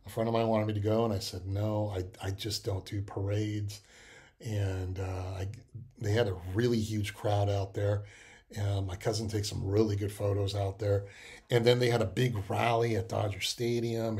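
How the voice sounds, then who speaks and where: A middle-aged man, hosting a podcast and telling a rambling, emotional personal story full of restarts and fillers. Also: fairly low pitch. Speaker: podcast host. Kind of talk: casual personal monologue.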